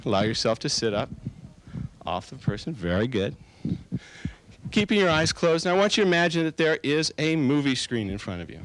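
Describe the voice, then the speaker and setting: A man working as a hypnotist, guiding a seated group through a stage hypnosis induction with slow, soothing, directive suggestions. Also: mid-range voice, sing-song, fairly bright tone, slight background noise.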